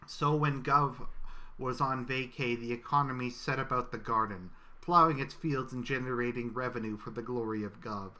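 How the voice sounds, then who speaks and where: A man giving a scripted satirical reading in a solemn, mock-biblical cadence with deadpan asides. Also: medium pitch, moderate pace. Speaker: satirical reader.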